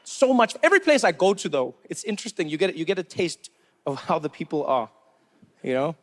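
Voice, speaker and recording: A man from Africa, telling stories on stage in a chatty, animated stand-up comedy style, on a handheld mic. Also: fairly high pitch, a little fast, noisy background. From South Africa. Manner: chatty, animated, acts out characters. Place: stage at a live show.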